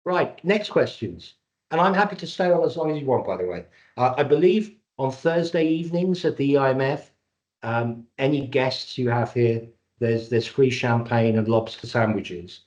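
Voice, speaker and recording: A man presents a live webinar in a jokey, salesman-like way, his pitch rising and falling a lot. He talks over a video call, and the audio is dull and lo-fi. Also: lively intonation, moderate pace, darkish tone. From Cyprus and Britain.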